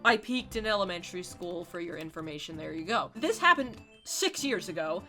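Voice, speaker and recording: A woman's voice: fairly low pitch, expressive, brisk, bright, forceful tone, soft background music. A young woman in her late teens, chatting through a dramatic, exasperated storytime rant while playing a game. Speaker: gaming YouTuber.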